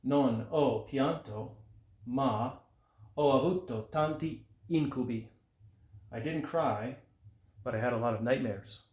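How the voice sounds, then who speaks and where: A man giving a patient language lesson, slowing down to sound out example phrases. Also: mid-range voice, a little mellow. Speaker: Italian language teacher. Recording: roomy echo.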